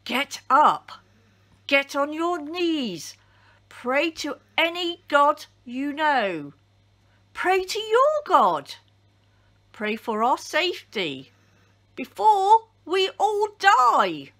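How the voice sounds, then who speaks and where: A woman voicing a frightened, bossy ship captain shouting urgent orders in a storybook reading. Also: mid-range voice, huge pitch swings, takes it slowly, hardly any pauses, exaggerated voice. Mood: urgent, panicked.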